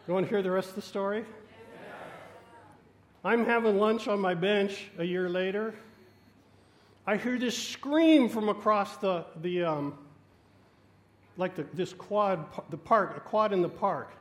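A man preaching a sermon, telling a story in an animated and self-mocking way. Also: high-pitched, a little slow, long pauses. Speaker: guest preacher.

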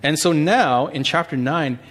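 A male pastor praying, then teaching a Bible passage in a conversational, animated way. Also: fairly high pitch, measured pace. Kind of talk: sermon with prayer.

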